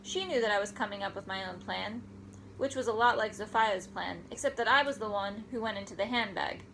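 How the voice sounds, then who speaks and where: A woman's voice: medium pitch, a little fast, creaky, fairly bright tone, a little hiss or hum, poor audio. Woman reading a story, wry and conversational. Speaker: audiobook narrator. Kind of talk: first-person story reading.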